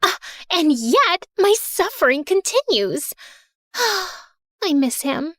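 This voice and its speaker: A young woman narrating her own animated story in first person, sassy, dramatic and sarcastic. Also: high voice, slow, dry recording, studio quality. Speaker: narrator and heroine.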